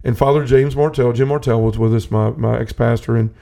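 A man's voice: mid-range voice, steady tone, fairly quick, creaky, dark tone. A man telling a personal faith story in casual conversation, earnest and rambling with many restarts. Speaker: podcast host. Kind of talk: personal testimony in casual talk.

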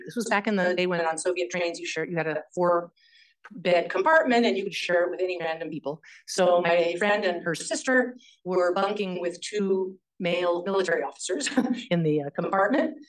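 A woman history professor giving an academic lecture, speaking in a measured way with frequent fillers and self-corrections. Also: medium pitch, rough recording.

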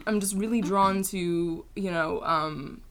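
A woman putting on a to play a shy young male pop singer who speaks slowly and hesitantly. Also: lowish voice, background noise. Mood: dreamy. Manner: slow, hesitant, giggly.

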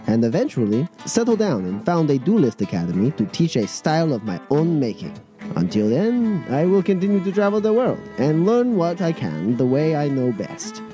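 A man's voice: fairly high pitch, dark tone. A man voicing a proud, seasoned male swordsman giving a grand, declaiming introduction of himself for an audio role-play. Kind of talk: scripted character introduction.

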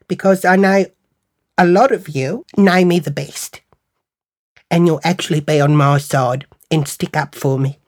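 A woman's voice: low-pitched, a little mellow. A young Australian woman hosting a podcast, telling a storytime monologue in a blunt, indignant manner with lots of swearing. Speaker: podcast host.

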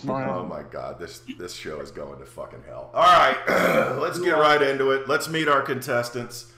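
A man's voice: mid-range voice, very animated, unhurried, creaky, bright, forceful tone. A man hosting a comedy game show podcast, with a profane, exasperated manner. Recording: roomy echo with faint hum.

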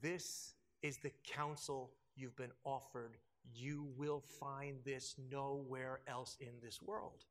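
A male pastor preaching a sermon, swinging from loud emphasis to hushed, slow lines. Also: a little high, expressive.

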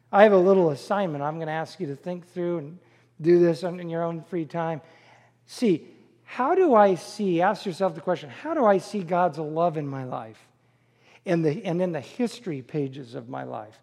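High-pitched middle-aged pastor man preaching, excited storyteller, big echoey hall. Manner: storytelling, animated and enthusiastic. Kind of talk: sermon.

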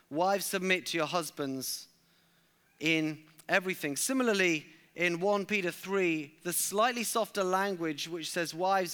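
Bright, clear-voiced male preacher. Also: sits high. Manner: emphatic, repeats key lines for stress. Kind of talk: sermon.

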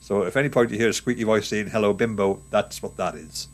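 A man's voice: fairly low pitch, fast. A man co-hosting a podcast from his garden, easygoing and laughing often. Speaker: podcast co-host. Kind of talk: casual podcast chat. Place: garden outdoors.

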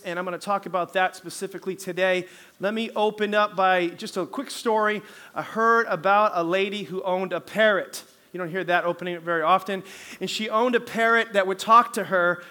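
High-voiced, bright preacher man. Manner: animated storytelling, calls for amens. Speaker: pastor. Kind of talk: sermon.

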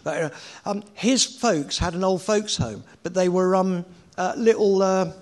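A middle-aged man spins loose, rambling stories in a relaxed interview. His voice sits a little higher than most men's, and he peppers the telling with swearing and bursts of laughter. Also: a little slow. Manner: animated, swearing, laughing anecdotes. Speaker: guest. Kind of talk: casual storytelling interview.

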